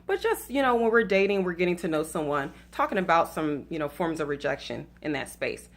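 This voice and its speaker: With a fairly low pitch, lively intonation, and a fairly quick pace, a Southern-accented woman from Atlanta chats casually with her viewers. Playful and laughing at her own stories, she blends faith with dating advice and addresses her audience directly as y'all.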